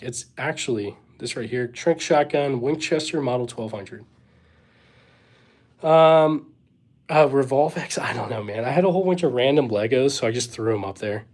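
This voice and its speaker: A man's voice: medium pitch, a little mellow. A young man hosting a casual live Q&A stream, laid-back and hesitant, reading out viewer questions and thanking people as he goes. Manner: laid-back, hesitant, lots of fillers and shrugging asides; reads chat aloud and thanks viewers. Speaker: livestream host.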